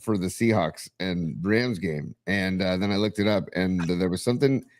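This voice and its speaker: A man co-hosting a sports talk stream, halting and trailing off, then bursting into excited rants. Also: deep voice. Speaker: podcast co-host. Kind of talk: casual sports chat.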